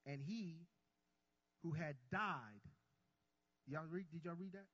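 A man preaching a sermon, swinging from soft asides to loud cries and calling the congregation y'all. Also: fairly high pitch, takes it slowly, dry recording, muffled recording.

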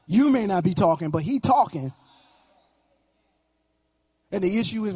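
A man's voice: high voice, lively intonation, a little slow, long pauses, a little mellow, slightly rough. A male pastor preaching a sermon with emphatic, sing-song cadence and frequent repetition.

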